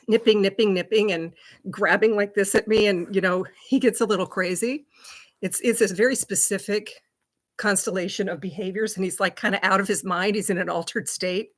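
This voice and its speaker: A woman's voice: medium pitch, pushed and bright. A middle-aged woman chats loosely on her own livestream. She laughs easily and keeps stopping to speak to her dog. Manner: chatty, laughing often, talking to her dog. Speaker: livestream host. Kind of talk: casual livestream chat.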